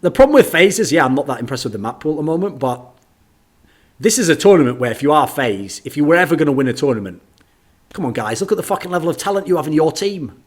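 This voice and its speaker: A man's voice: on the high side, very animated, fast talker. A British man co-hosting a casual podcast, full of sardonic, sweary banter. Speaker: podcast co-host.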